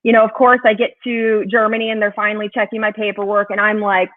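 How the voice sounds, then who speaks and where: A woman from Wisconsin, appearing as a guest, chats quickly in a mid-range, level tone while telling travel stories and laughing often. It's casual conversation, and the audio is thin and tinny like a phone call.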